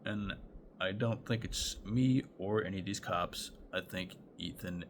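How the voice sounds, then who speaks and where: A man's voice: low voice, a little slow, a little hiss or hum. A young man telling a chaotic personal story in a loose, rambling way, swearing often and laughing between thoughts. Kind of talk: casual storytime.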